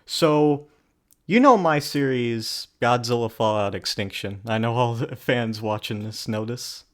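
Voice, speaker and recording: A man hosting a casual interview show, asking guests questions in a relaxed, self-deprecating way. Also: medium pitch, measured pace. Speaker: host.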